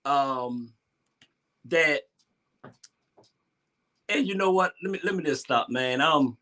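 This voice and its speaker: A man in his sixties from Georgia with a Southern accent, hosting a talk show and chatting in a lively, boastful way. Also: fairly high pitch, slow, pauses often. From Savannah, Georgia, US. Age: 60s. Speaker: host. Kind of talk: animated solo talk show monologue.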